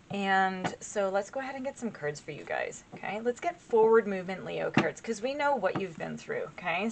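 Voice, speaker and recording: A woman in her forties chats through a tarot reading, easily excited and gushing over each card. She rambles with fillers and asides to her viewers in a voice of middling pitch. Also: background noise. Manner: chatty and excitable, laughs often, gushes over cards. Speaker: tarot reader. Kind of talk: casual tarot reading to camera.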